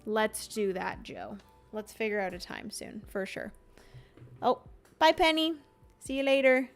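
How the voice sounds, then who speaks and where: Young woman, livestream chat, rambling and giggly, unhurried, faint background music. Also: medium pitch, animated, gravelly. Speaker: streamer.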